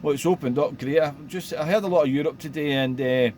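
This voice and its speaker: A man, chatting casually over CB radio, relaxed and rambling with lots of radio jargon. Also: on the high side, fairly quick. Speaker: CB radio operator. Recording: faint background noise.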